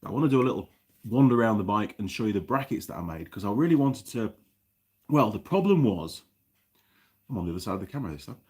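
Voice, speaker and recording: A middle-aged man with a New Zealand accent talks through a casual workshop live stream, rambling between viewer comments and bits of mechanical know-how. His voice sits low and has a husky edge. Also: animated, quick pace, a little mellow. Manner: rambling, chatty, reads viewer comments aloud. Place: home workshop.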